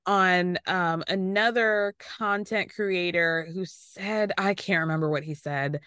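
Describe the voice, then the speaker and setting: A woman's voice: lowish voice, slow, bright, forceful tone, smooth, no echo, clean studio sound. A woman hosting a podcast, recapping a reality show in a casual, snarky way that is full of swearing and laughter. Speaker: podcast host.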